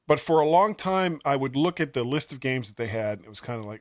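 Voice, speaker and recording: A man's voice: mid-range voice, lively intonation, fast talker, no room sound, studio quality. A man co-hosting a casual tech podcast, rambling and chuckling as he recommends a game, poking fun at himself. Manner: rambling, chuckling, self-deprecating. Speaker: podcast co-host.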